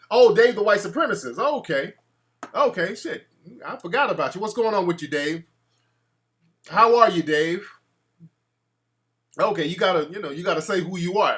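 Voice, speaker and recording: A man's voice: sits high, animated, moderate pace, pauses often, a bit bright. Brash, cursing talk show host man. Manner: brash, profane, reacts to live chat. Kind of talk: casual call-in show chat.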